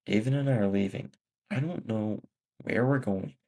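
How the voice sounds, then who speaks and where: A man's voice: fairly low pitch, normal speed, warm tone, poor audio. A man reading a first-person story aloud, a plain reading with small slips. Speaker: story narrator.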